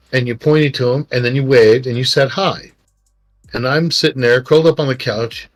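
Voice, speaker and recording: A middle-aged man, a podcast co-host, telling personal stories in a rambling, animated way and acting out quotes. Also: mid-range voice. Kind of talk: casual storytelling chat. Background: faint background music.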